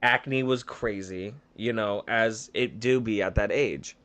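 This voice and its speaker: A young man streaming a game, telling stories in a campy, animated and profane way. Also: fairly low pitch, takes it slowly. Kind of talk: casual storytelling while gaming.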